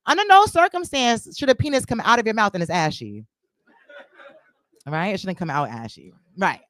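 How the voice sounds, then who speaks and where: Crude, lively stand-up comedian woman. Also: medium pitch, moderate pace, no echo. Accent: New York. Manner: crude, loose and teasing with the crowd. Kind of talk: stand-up set. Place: comedy club stage.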